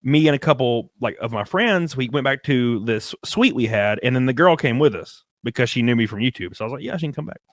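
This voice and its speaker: A young man casually telling a rambling, animated story, full of "like" and casual swearing. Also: medium pitch, a little fast, hardly any pauses, dry recording, clean studio sound. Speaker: guest storyteller. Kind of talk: casual storytelling on a live stream.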